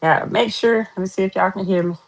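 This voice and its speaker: A woman's voice: medium pitch, steady tone, brisk, vocal fry, noisy background. A woman hosting a casual live stream, chatty and greeting viewers over and over. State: out of breath.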